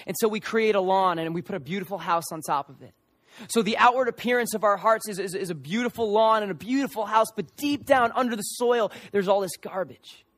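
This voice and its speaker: A young male preacher delivers an impassioned sermon in a high voice. He acts out the lines of the people in the story as he goes. The sound is close and dry, with no room echo.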